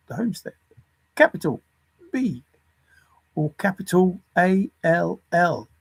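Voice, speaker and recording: A man's voice: high voice, very animated, takes it slowly, vocal fry, long pauses, breathy edge, no room sound. A man rambling alone through lists of words and clues, chuckling to himself as he thinks aloud. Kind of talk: rambling solo puzzle musing.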